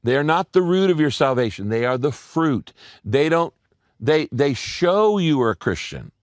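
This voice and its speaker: An older man, a pastor preaching a sermon, telling stories and repeating key lines slowly for emphasis. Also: fairly high pitch, sing-song, dry recording, clean studio sound.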